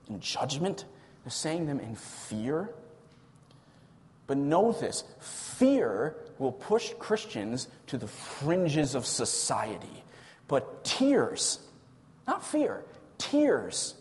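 A man preaching a sermon as pastor of his church, impassioned, swelling loud and dropping low for emphasis. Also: in a large hall.

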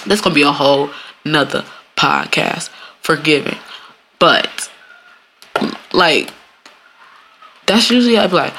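A woman's voice: sits low, lively intonation, unhurried, pauses often, pushed and bright, a little hiss or hum. A woman, hosting a casual solo podcast, talking bluntly and profanely, laughing often and acting out quoted voices. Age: 30s. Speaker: podcast host.

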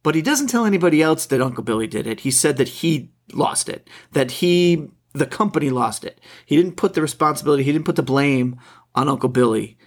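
A man co-hosting a casual film discussion, halting and restarting as he searches for his words. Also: on the high side, animated. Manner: halting, repeats words while searching for thoughts. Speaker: podcast co-host.

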